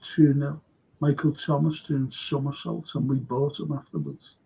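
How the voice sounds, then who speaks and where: Slow-talking husky man hosting a stream. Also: medium pitch, fairly even intonation, dark tone. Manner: reads out viewers' comments and replies chattily. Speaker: host of a fan live stream. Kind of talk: casual live-chat reading. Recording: dull lo-fi stream audio.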